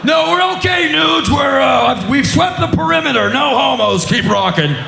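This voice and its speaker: A man putting on dim, overeager male rock fans shouting up at the stage in a strained high voice. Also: animated, moderate pace, gravelly, echoey room, slight background noise, exaggerated voice. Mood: eager.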